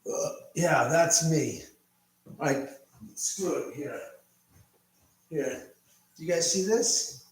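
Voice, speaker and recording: A man's voice: a little high, slow pace, pauses often. Rambling man in an echoey room. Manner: rambling, chatty, reading viewer comments aloud. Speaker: livestream host. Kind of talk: casual live chat. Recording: echoey room from far off, faint ambience.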